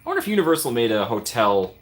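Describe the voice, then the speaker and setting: A man's voice: medium pitch, sing-song, racing. A man hosting a casual livestream, rambling and chatty, laughing often and thanking viewers by name. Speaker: livestream host.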